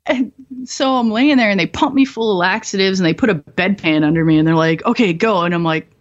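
A woman's voice: medium pitch, brisk, lo-fi sound. Blunt, profane woman telling war stories. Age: 20s. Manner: blunt, profane, laughing through dark stories. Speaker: guest, former bomb disposal technician. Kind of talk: candid storytelling interview.

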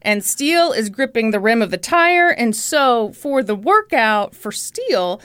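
Woman, co-host, playful storyteller, teasing, slightly high voice, dry sound. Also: very animated, slow pace, fairly bright tone, clear, resonant tone, no room sound. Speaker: podcast co-host. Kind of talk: casual comedic chat.

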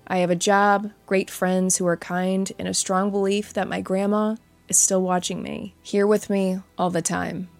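A woman hosts a show of spooky true stories and reads listener accounts aloud. Her delivery is soft and earnest, pitched in an ordinary middle range. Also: little pitch movement, measured pace, vocal fry, soft background music. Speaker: host and narrator.

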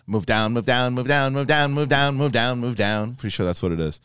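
A man's voice: medium pitch, brisk, clean tone, no echo, studio quality. A man co-hosting a casual live show, reading viewer messages and telling rambling stories. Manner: rambling, animated storytelling. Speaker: co-host. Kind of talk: casual live-stream chat.

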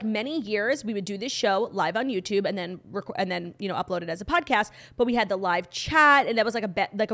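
Chatty woman podcast co-host, a bit hoarse. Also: medium pitch, fairly bright tone. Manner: chatty, gushing, lots of "like" fillers. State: a little hoarse from crying. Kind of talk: casual chat.

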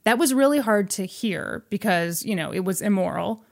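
A woman's voice: medium pitch, animated, normal speed, creaky. A woman podcast host retelling a movie in a chatty, wry way. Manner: chatty and wry, acting out quotes. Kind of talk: casual chat retelling a movie.

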